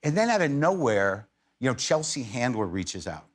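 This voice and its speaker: A man's voice: medium pitch, very animated, moderate pace. A middle-aged man tells stories on a talk show, wry and rambling. He keeps breaking off into self-deprecating asides and picks the thread back up. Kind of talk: casual anecdote telling.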